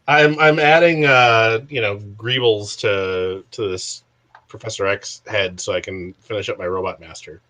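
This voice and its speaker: Chatty giggly guy, bright edgy tone, casual stream talk. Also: on the low side, unhurried. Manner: chatty, giggly, rambling asides. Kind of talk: casual chat on a live stream.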